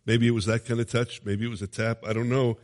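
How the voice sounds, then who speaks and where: A man's voice: mid-range voice, flat delivery, fast talker, darkish tone, big-room sound. A man preaching a sermon, reading scripture dramatically and adding conversational asides with chuckles.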